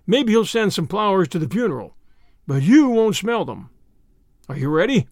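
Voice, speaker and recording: A man's voice: high-pitched, big pitch swings, moderate pace, a little mellow, no echo, clean studio sound, voice pushed up. A man voicing a brash young American man with an American accent in an audiobook, drawling and cheerfully menacing. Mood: threatening. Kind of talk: audiobook character voice.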